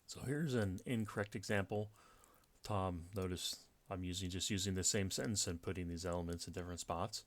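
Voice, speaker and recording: Give me a deep-voiced man teaching a writing lesson, explaining step by step with fillers. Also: brisk. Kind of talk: slide-based grammar lecture.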